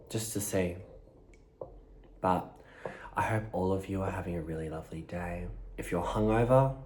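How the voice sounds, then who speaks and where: A man's voice: low voice, a little mellow, slight background noise. A man chatting playfully to his viewers while he eats on camera, talking between bites. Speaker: vlogger eating on camera. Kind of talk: casual mukbang chat to viewers.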